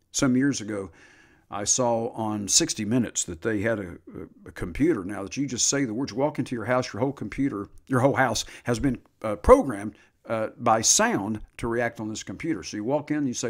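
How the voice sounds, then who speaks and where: An older man preaches in a folksy, conversational sermon. His pitch rises and falls a lot. He slows down and stresses each scripture quote. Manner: folksy, drawls scripture slowly with emphatic rises. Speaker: preacher and Bible teacher.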